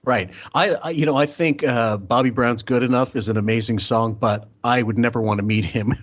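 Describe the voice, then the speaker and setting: A man's voice: mid-range voice, brisk. A man co-hosting a casual podcast, telling a rambling anecdote with frequent restarts. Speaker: podcast co-host.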